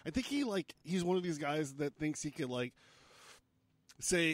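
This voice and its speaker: A man's voice: a little high, very animated, moderate pace, long pauses, dry recording. Casual, profane man telling a story. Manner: casual and profane, with jokey asides. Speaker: podcast host.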